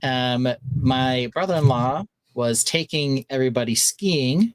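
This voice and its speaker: A man's voice: medium pitch, unhurried, dry recording. A man co-hosting a casual podcast, telling a vacation story and acting out the quotes. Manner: animated, acts out quotes. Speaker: podcast co-host.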